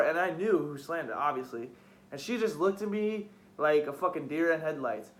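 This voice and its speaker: A man's voice: fairly high pitch, a little fast, a bit bright. A young man hosting a podcast, telling a story in casual, profane, heated chat. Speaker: podcast host.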